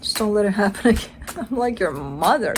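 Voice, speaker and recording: A woman of average pitch gives a casual tarot reading, chatting freely and swearing now and then. She playfully acts out the listener's voice in little exchanges. Faint noise sits behind her. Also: lively intonation, brisk. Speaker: tarot reader.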